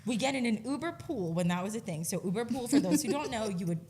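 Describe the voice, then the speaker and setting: A young woman co-hosting a podcast, chatting casually and teasing with lively energy. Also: fairly high pitch, quick pace, a little hiss or hum. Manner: lively, jumps in to tease. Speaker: podcast co-host. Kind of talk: casual chat.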